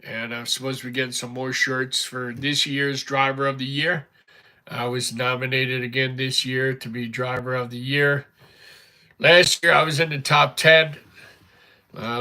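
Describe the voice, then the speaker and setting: A middle-aged man chats casually on a livestream. His voice has a gravelly edge and a bright, forceful tone. He rambles from one story to the next in a loose, talkative way. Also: mid-range voice. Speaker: livestream host.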